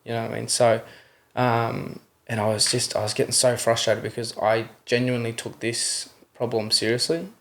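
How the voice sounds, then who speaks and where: Gravelly young Australian man, earnest storyteller. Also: medium pitch, flat delivery, moderate pace, hardly any pauses, a bit bright. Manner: earnest, keeps adding "you know what I mean"; acts out the voices in his retellings. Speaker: podcast guest. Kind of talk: candid interview storytelling.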